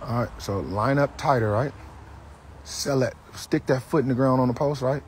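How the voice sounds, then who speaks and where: A man coaching football drills outdoors, barking commands and teasing his players with loud, energetic trash talk. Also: mid-range voice, moderate pace, slight background noise.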